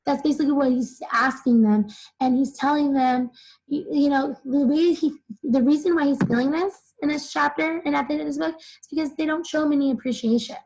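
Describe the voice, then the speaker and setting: A woman's voice: sits high, a little fast, darkish tone, low-quality recording. A young woman teacher explaining a children's novel chapter to her students in simple terms, full of "like" fillers. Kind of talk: recorded reading lesson for children.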